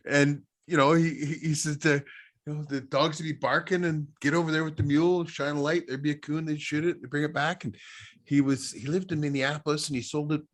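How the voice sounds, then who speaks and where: A man's voice: on the high side, steady tone, a little fast. A man hosting a casual podcast chat, telling rambling stories and laughing at his own punchlines. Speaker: podcast host.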